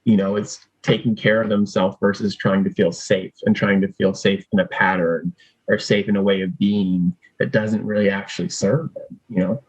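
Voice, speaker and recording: A man's voice: fairly low pitch, little pitch movement, normal speed, slightly rough, muffled recording. A man speaking as an interview guest, earnest and emotional, leaning heavily on fillers. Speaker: guest, youth speaker and coach. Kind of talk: candid conversational interview.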